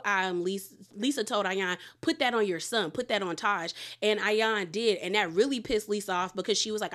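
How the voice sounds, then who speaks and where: A woman's voice: mid-range voice, fairly bright tone. A woman casually retelling a reality show fight, acting out quotes from the cast. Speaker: reality TV recap host. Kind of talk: casual chat.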